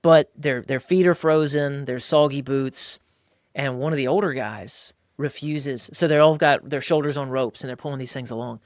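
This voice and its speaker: A man hosts a casual podcast in a mid-range voice, speaking with emphatic, animated energy. He often breaks into higher, louder voices to act out what people say. The sound is dry and close, with no room echo. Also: moderate pace. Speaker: podcast host. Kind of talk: casual podcast talk on faith and marriage.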